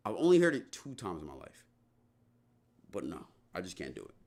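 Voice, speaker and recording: Young male streamer, lively slangy talk. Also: deep voice, a little fast. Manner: slangy and rambling, with many restarts and "bro". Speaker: livestreamer answering chat. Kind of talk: casual stream chat.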